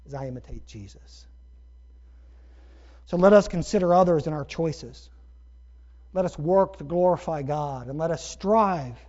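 Man, pastor from Ohio; conversational sermon delivery, fairly high voice, dull lo-fi recording. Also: darkish tone. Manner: conversational, rhetorical asides.

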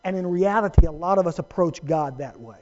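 A man's voice: high voice, fairly quick, muffled recording. A man preaching a sermon as pastor, emphatic and earnest with humorous asides to his congregation.

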